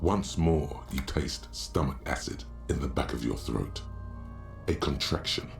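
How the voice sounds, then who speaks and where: An actor voicing a grave male narrator in a video game, with slow, ominous and vivid delivery. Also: very deep voice, lively intonation, creaky, faint music behind, full character voice.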